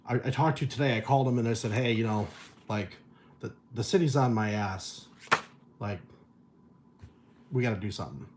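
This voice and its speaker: A man's voice: on the low side, a little mellow, slight background noise. A middle-aged man chatting casually on a livestream, telling stories and reading viewer messages, loose and profane, chuckling often. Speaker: vlogger reading viewer chat.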